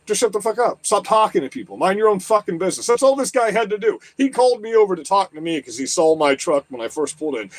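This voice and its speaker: A man's voice: high-pitched, dry recording. A man hosting a livestream, delivering an agitated political rant full of profanity and repeated questions. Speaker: livestream host. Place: lives in southwest Florida.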